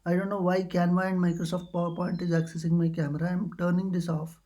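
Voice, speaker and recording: A fast-talking host with a mellow, mid-range voice and flat delivery walks through computer settings in a casual screen recording. He or she hesitates a lot, restarting and filling gaps with uh.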